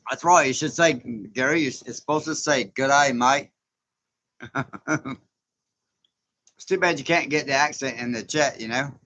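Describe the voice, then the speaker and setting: A man's voice: medium pitch, moderate pace, long pauses, sharp tone, poor audio. A man hosting a casual live stream, folksy and chatty, often chuckling as he greets viewers.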